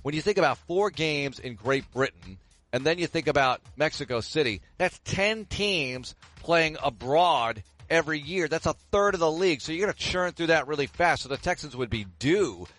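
A man's voice: on the high side, expressive, normal speed, a bit bright. A middle-aged man hosting a sports show, answering listener questions in a chatty, rambling way with side remarks. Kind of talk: casual sports talk.

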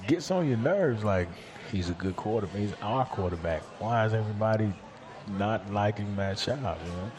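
A man talking casually as a football player guest, relaxed and leaning on "you know". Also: fairly low pitch, moderate pace, crowd noise. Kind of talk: casual chat.

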